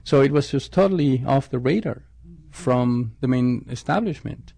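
A male scientist answers interview questions thoughtfully, often restarting and correcting himself mid-sentence. His mid-range voice is animated and warm with some vocal fry, at a normal speed, and there's no echo.

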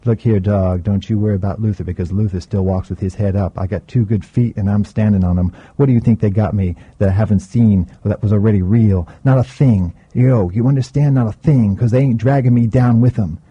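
A man's voice: on the low side, fairly quick, few pauses, slightly rough, no room sound, highs cut off. A man playing a wry, graying streetwise man. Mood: steady. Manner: laid-back drawl, teasing.

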